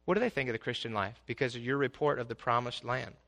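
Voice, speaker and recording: A man preaching a sermon as pastor, swinging from quiet asides to loud, exclaiming passages. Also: medium pitch, fast talker, vocal fry.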